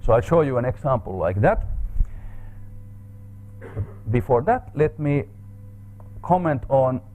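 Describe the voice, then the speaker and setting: A man lecturing at a seminar in a medium-pitched voice. He thinks aloud, with many pauses, fillers and restarts. The talk sounds technical and unscripted. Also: sing-song, darkish tone. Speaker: seminar speaker. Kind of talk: academic lecture. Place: seminar room.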